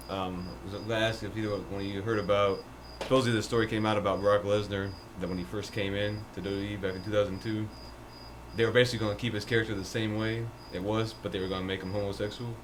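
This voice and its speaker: A man with a fairly low voice, chatting relaxed on a live-streamed podcast. He brings up news and asks his co-hosts questions, laughing easily. There is faint noise behind him. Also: quick pace. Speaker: podcast co-host. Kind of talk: casual chat.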